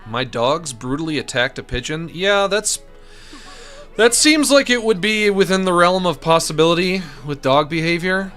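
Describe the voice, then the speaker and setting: A young man chatting through a video game, his pitch leaping all over as he jokes and rants. His tone is sarcastic and playful, casual commentary over faint game music. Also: animated, normal speed, a bit bright. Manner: sarcastic, joking, reads game text aloud in silly voices. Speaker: streamer playing a game.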